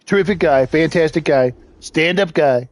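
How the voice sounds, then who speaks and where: A man's voice: on the high side, moderate pace, no echo. A man streaming a game live, chatting casually and swearing freely between fits of giggles. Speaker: gaming streamer.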